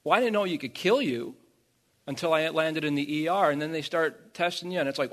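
Male preacher, 30s, high voice, halting, repeats words, loud peaks. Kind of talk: sermon.

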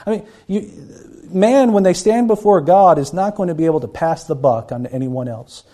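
A man's voice: on the high side, lively intonation, moderate pace, mellow. A man preaching a Bible-teaching sermon, earnest and often repeating words as he acts out the people he quotes.

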